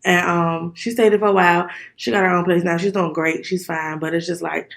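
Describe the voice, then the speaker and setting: A woman's voice: lowish voice, fairly even intonation, brisk, creaky. A young woman co-hosting a podcast, telling stories in blunt, profane casual chat. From DMV area, US. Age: young adult. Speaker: podcast co-host.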